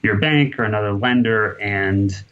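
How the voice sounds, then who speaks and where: A man answering interview questions in a low voice, measured and explanatory, leaning on filler phrases. The sound is dull and lo-fi, like a remote connection. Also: clean tone. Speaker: guest, real estate investor.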